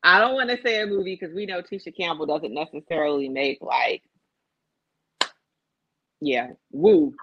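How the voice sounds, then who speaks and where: A woman's voice: sits low, moderate pace, long pauses, husky, no room sound, lo-fi sound. A woman co-hosting a casual podcast, telling a gossip story with lots of profanity, quoted voices and laughter. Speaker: podcast co-host.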